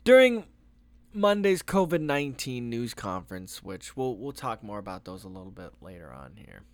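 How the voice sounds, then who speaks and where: A young man rants over news items, swearing freely and sounding exasperated. His pitch swings widely as he reacts, and he breaks into laughter often. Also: very animated, moderate pace. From United States. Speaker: vlogger. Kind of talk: ranting news commentary.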